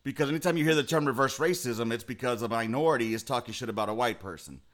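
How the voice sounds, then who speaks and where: A man's voice: mid-range voice, quick pace, fairly bright tone. Blunt, foul-mouthed man on a podcast. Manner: blunt, profane, emphatic. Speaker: podcast co-host. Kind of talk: casual profane chat.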